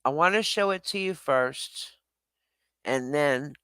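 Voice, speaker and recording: A man's voice: fairly high pitch, takes it slowly, pushed and bright, smooth, dry recording. A man hosting a casual livestream, rambling and swearing as he reacts to viewer comments, laughing often and apologizing. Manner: rambling, profane, self-deprecating, laughs often. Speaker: livestream host.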